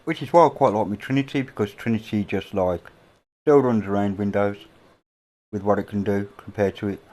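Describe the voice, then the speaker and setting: A middle-aged man with an English accent talks through a casual livestream from indoors at home. His voice sits a little low, and he rambles along in an offhand way, dropping the odd casual swear word. He speaks close to a boom-mounted microphone. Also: brisk, dark tone. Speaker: livestream host.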